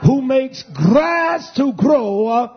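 A man preaching a sermon, exhorting his congregation and rising at times into shouts. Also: very high-pitched, big pitch swings, very slow, slightly rough. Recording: dull lo-fi recording.

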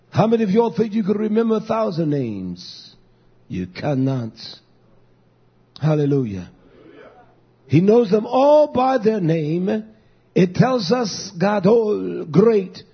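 A man preaching a sermon, exhorting his congregation and rising at times into shouts. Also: high-pitched, husky. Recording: dull lo-fi recording.

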